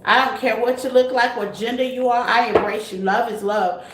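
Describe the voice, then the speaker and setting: A woman's voice: a little high, fairly even intonation, normal speed. A woman hosting a tarot live stream, chatting casually and greeting her viewers with terms like baby and honey. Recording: echoey room, faint noise.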